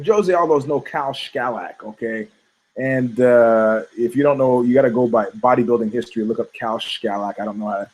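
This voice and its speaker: A middle-aged man, a podcast co-host, talking casually and with strong opinions, telling animated stories and acting out the people he quotes. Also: medium pitch, rough recording. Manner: animated storytelling, acts out quoted voices, frequent laughs.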